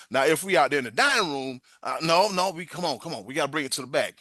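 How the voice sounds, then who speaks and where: Forceful bright-voiced male podcast host. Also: on the high side, fast, no echo, clean studio sound. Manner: stumbles over the reading, then animated and emphatic. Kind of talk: reading a self-help text aloud, then casual venting talk.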